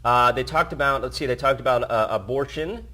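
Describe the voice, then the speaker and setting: A man of ordinary pitch co-hosts an entertainment news show in a loose, casual chat. He rambles through the headlines, stumbles into restarts and fillers, and breaks off to joke with his co-host. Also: fairly quick, pushed and bright.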